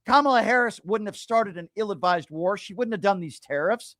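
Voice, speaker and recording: A man hosting a call-in radio show, loudly berating and insulting a caller. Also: high voice, animated, a little fast, dry recording, studio quality. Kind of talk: combative call-in talk radio.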